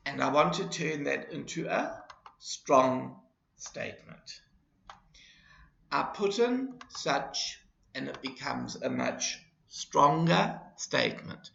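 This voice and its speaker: A man with a gravelly voice teaches a grammar lesson at an unhurried pace, stressing each example. His pitch rises and falls a lot as he explains. The recording sounds dull and roomy. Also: animated, bright, forceful tone. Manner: slow, deliberate explanation with repeated examples. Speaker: English teacher.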